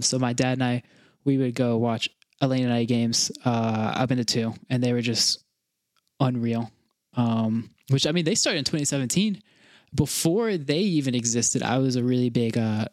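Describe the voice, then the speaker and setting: A young man from North Carolina co-hosting a podcast, chatting casually in an excitable, rambling way with lots of restarts and fillers. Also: mid-range voice, no echo, clean studio sound. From North Carolina, USA. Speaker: podcast co-host. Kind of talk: casual chat.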